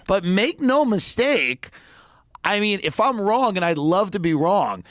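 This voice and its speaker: A man rants through a comedy podcast bit, brash and profane, piling on sarcastic asides. His voice sits high for a man and swoops all over the place, recorded dry and close with no room sound. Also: a bit bright, no echo. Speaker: podcast host. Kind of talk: comedic rant.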